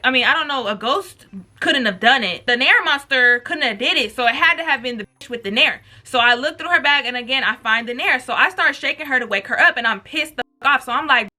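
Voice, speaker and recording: A young woman vlogger with a high, bright voice tells a story during a mukbang. Her storytelling is animated, profane, and slangy, with acted-out quotes.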